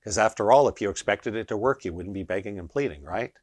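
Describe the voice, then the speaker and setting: A man teaches energy healing straight to camera, speaking with emphasis and pausing for rhetorical checks. His voice sits a little low. The sound is dry, with no room echo. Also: animated. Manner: emphatic, keeps asking rhetorical "right?". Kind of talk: instructional video monologue.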